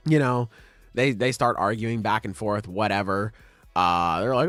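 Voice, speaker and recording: Mid-range and a bit bright, his voice holds a moderate pace with no echo. He co-hosts a podcast, chatting casually and profanely about manga chapters and slipping into loose paraphrases of the characters' lines.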